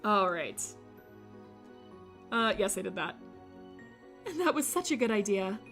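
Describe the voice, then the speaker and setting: A woman streamer reading a visual novel aloud, breaking off for animated, jokey commentary. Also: medium pitch, unhurried, soft background music. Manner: animated, jokey asides with laughter.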